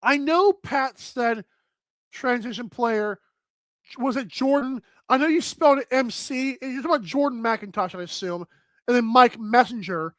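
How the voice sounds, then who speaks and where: High voiced woman hosting a sports talk stream, rambly and casual, dry close sound. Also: moderate pace, no echo. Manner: chatty, thinks aloud with many "like"s, addresses chat. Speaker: sports talk show host.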